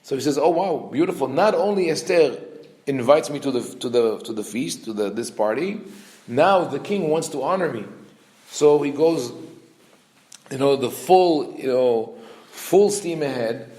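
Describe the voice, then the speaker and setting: Rabbi teaching in an echoey room. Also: male voice, mid-range voice. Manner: explains verses, reading Hebrew quickly then translating; acts out the king's and Haman's lines with lively intonation. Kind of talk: Torah class lecture.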